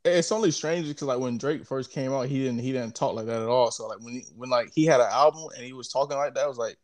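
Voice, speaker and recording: A man's voice: mid-range voice, fast talker. A man chatting casually on a podcast in a laid-back way, laughing easily. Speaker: podcast co-host.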